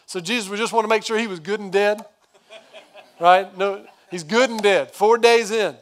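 A male pastor giving a sermon, retelling the story in a casual, conversational way with quick asides. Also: high-pitched.

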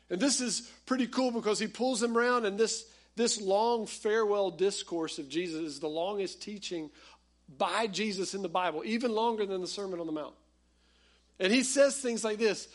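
A pastor preaching a conversational, animated sermon that speaks straight to his congregation. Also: sits high, moderate pace.

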